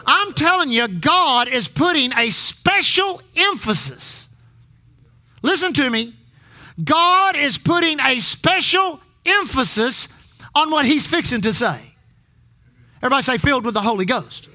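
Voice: sits high, big pitch swings, normal speed, pushed and bright. A pastor preaching a sermon in church, calling on the congregation to repeat phrases back. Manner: exhorting, call-and-response with the congregation.

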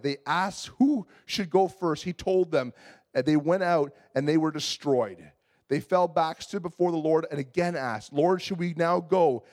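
Brief: male pastor, high voice, lively storyteller acting out his own panic mid-sermon. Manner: animated storytelling, acts out his own exasperation. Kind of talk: sermon with a humorous personal story.

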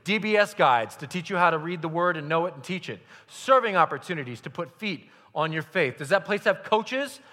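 Young male pastor, bright, forceful sermon voice, long hall reverb. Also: on the high side, lively intonation, a little fast, hardly any pauses. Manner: passionate, swings from hushed to loud. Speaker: youth pastor. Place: church service hall. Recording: echoey hall.

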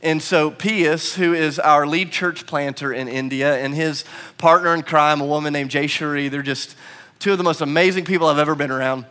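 A man's voice: fairly high pitch, steady tone, moderate pace, bright, forceful tone, clear, resonant tone. A male pastor preaching a sermon, telling a story with self-deprecating humor and building to emphatic repetition.

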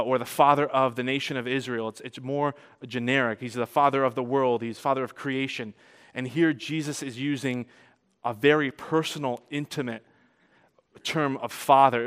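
A man preaching to his congregation in an easy, conversational way, his voice smooth and resonant. He tells the story with animated swings between loud and soft. A long hall reverb trails after his words. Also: mid-range voice. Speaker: pastor. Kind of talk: sermon.

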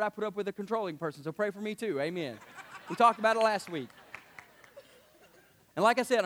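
A man's voice: sits high, fairly bright tone. A middle-aged pastor, preaching an emotional, passionate sermon to his church.

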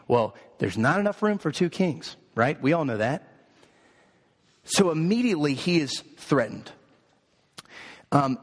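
A pastor with a fairly high voice delivers a rhythmic sermon and builds his points through emphatic repetition. His words ring out with a long hall reverb behind them. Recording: echoey hall.

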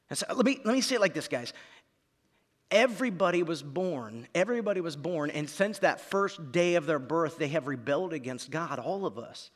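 A man in his thirties preaching a sermon, dropping to quiet lines and then building to shouts. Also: fairly high pitch, animated, a little fast. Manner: dramatic, swings from quiet to shouting. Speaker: pastor. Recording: long reverb of a large hall.

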